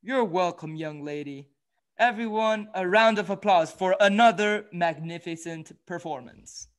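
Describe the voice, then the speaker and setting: A man playing a vain, gallant young gentleman from the past while hosting a comic skit, with a pompous, self-admiring manner. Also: sits high, a little slow. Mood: mock-gallant. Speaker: show host.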